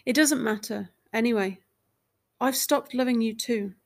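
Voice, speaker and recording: A weary, resigned wife speaks in a storybook reading, voiced by a woman close to her own voice. She talks quietly and sadly, calm and subdued. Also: a little high, unhurried.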